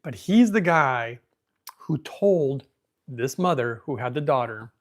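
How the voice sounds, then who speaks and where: A man hosting a podcast, telling a story in a casual, rambling way, thinking out loud and becoming emotional. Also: medium pitch, animated, slow. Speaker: podcast host.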